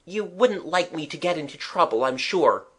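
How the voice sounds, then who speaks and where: Give me a man putting on a nervous storybook schoolboy, a little higher than his own voice, stammering and coaxing. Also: expressive, normal speed, pushed and bright, husky, heavily acted. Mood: urgent. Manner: nervous, politely insistent. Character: anxious scheming schoolboy, polite and urgent.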